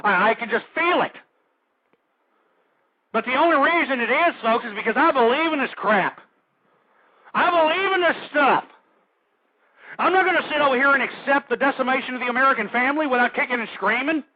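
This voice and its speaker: High-voiced ranting male radio host. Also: fast, dry recording. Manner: ranting, agitated, shouting at times. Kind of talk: talk radio monologue. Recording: dull lo-fi dry radio recording.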